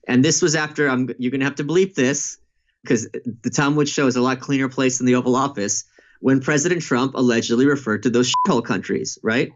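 A man who has written a book talks politics in conversation, telling anecdotes in an animated way. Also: medium pitch. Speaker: author and podcast guest. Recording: dull lo-fi sound.

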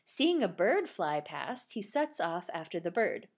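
A woman's voice: fairly low pitch, big pitch swings, measured pace. A woman in casual chat who reads a ballet synopsis aloud, often laughing and stumbling over unfamiliar names. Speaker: podcast co-host.

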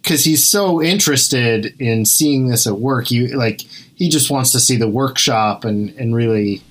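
Man, game master, relaxed, casual chat, mid-pitched voice. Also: unhurried.

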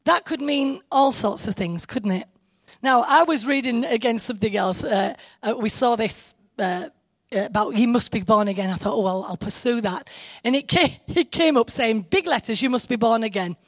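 A woman preaching a sermon, excitable and full of asides and self-interruptions. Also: a little high, normal speed, dry recording.

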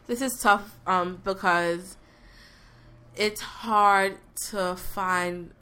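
A woman's voice: medium pitch, steady tone, drawn-out words, sharp tone, clean tone. A woman hosting a casual podcast, speaking in an impassioned, preaching way and addressing listeners over and over. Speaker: podcast host.

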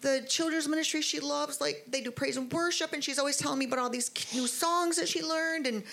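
A gushing, excited young mother, her voice jumping up high and bubbling with delight, as a woman puts her on. She talks in a breathless rush, full of happy wonder. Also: brisk, creaky.

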